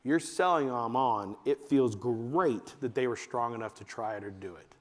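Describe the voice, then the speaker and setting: A man giving a talk to fathers at church, telling family stories and acting out his kids in a high voice. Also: normal speed. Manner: animated storytelling, acts out his kids in a high voice. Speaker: men's ministry speaker. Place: church hall. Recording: long hall reverb.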